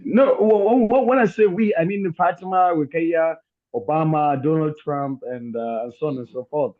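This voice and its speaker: A man's voice: a little high, normal speed. A man in an online debate, talking insistently and repeating his questions. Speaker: debate guest. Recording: tinny phone-like line.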